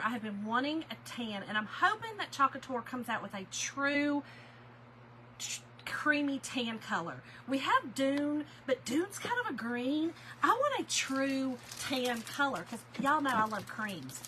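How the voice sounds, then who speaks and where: A woman's voice: high-pitched, pushed and bright, a little hiss or hum, poor audio. A chatty, effusive woman, hosting a casual live sale stream and thanking viewers by name. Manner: gets emotional and laughs easily. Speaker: host of a live craft-supply sale. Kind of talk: casual livestream chat.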